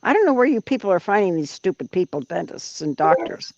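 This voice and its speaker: A woman's voice: lowish voice, very animated, brisk, creaky, a little mellow, no room sound. A woman hosting a livestream, chatting casually and bluntly with exclamations. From United States. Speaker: livestream host. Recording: dull dry lo-fi stream audio.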